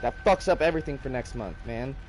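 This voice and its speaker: A man's voice: medium pitch, lively intonation, quick pace, faint music behind. A young man hosting a gaming livestream, ranting in a heated, profane, casual way.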